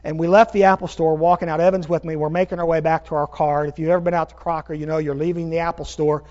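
Middle-aged man preaching, high voice, animated storytelling, dull lo-fi sound. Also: fast. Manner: animated, self-deprecating storytelling with rising bursts. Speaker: pastor. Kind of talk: storytelling sermon. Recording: dull lo-fi sermon recording.

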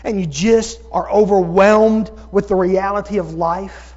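A man preaching a sermon, moving from calm teaching to loud, excited preaching. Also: high voice, measured pace. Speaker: pastor. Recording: dull sound with long hall reverb.

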